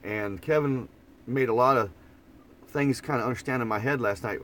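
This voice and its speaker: A man's voice: mid-range voice, normal speed, fairly bright tone, a little hiss or hum. A man with an Oklahoma twang chatting casually on a morning live stream from inside an old camper van, rambling and easygoing, often restarting his words. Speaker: vlogger. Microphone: phone propped up in front of him.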